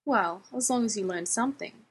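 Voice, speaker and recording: A woman voicing a protective man who gives short, firm directions and teases gently. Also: mid-range voice, animated, normal speed, husky. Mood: firm, caring.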